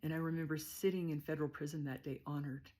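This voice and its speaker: A woman's voice: deep voice, steady tone, quick pace, warm tone. A woman from Utah, telling a heartfelt personal story in an earnest, conversational way. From Utah, USA. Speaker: storyteller recounting prison time.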